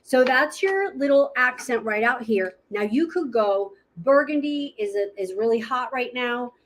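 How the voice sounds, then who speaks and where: A woman's voice: fairly high pitch, lively intonation, measured pace. A woman giving a casual live makeup tutorial, chatting and thinking aloud as she hunts for her products. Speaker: makeup presenter.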